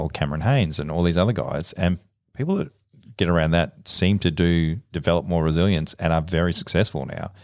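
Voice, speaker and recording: Australian cop, very low rumbling voice, dry close mic, quick animated storyteller. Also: male voice, no echo. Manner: animated storyteller, acts out quoted dialogue, laughs often. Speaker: police officer. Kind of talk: casual podcast chat.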